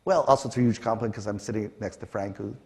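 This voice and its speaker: Speaking rapid-fire in a lowish voice, this middle-aged man from Canada spins conversational stories onstage as a panel guest. He acts out quotes with animation and leans on plenty of fillers.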